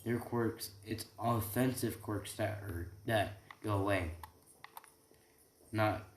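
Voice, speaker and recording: A man voicing a scared teenage girl who is a hero in training, speaking in a halting, pleading way. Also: on the low side, slight background noise. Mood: explaining. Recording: echoey room, faint typing.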